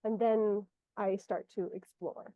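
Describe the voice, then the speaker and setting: This one-on-one guidance session features a woman energy healer on a video call, her mid-range voice steady and slow as she meanders and searches aloud for the right words. The recording is dry, muffled and lo-fi.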